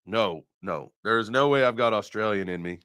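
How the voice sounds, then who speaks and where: A man's voice: on the low side, normal speed, a crowd in the background. A man hosting a casual live stream, joking and rambling and swearing casually.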